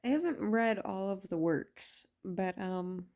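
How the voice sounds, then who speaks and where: With a dark, mellow voice pitched in the mid range, a woman who reviews videos complains her way through a casual vlog. She's slow, straightforward, and swears plenty, sounding steadily fed up throughout.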